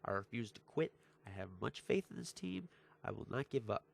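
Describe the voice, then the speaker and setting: A teenage guy rants through a football recap, frustrated and emphatic. He repeats himself for emphasis and swears freely, at an ordinary middle pitch. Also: big pitch swings, normal speed, creaky, a little hiss or hum. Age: teens. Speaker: vlogger, sports fan. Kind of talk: heated sports recap rant.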